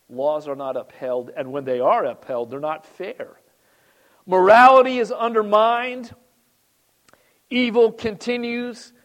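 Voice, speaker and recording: A man preaching a sermon as pastor, animated and addressing the congregation directly, with big rises and drops in his delivery. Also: high-pitched.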